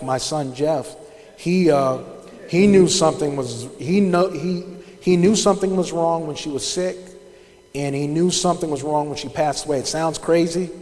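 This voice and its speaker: A middle-aged man shares a personal testimony from a church sanctuary, his speaking voice sitting a touch higher than most men's. He tells it plainly and conversationally, stopping and restarting as he gathers his words, while a long reverb from the large hall trails after him. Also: a little mellow. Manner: conversational, halting storytelling with frequent restarts. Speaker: church member giving testimony.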